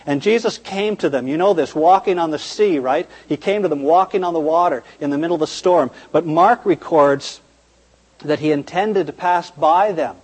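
Earnest preacher with a husky voice. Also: male voice, a little high, moderate pace, a little mellow. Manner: earnest, repetitive, emphatic. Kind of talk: sermon. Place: church. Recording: reverberant church hall.

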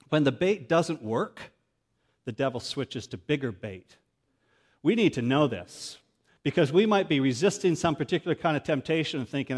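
A pastor delivers a sermon earnestly and methodically, moving through numbered points. When he quotes scripture, his voice drops low and quiet.

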